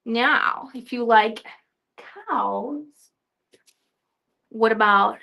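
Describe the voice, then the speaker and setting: A woman's voice: a little high, drawn-out words, gravelly, long pauses, sharp tone. Chatty young woman presenting quilting patterns. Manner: chatty, giggly, trips over words and laughs at herself. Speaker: host presenting new quilting products. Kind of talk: casual live product showcase.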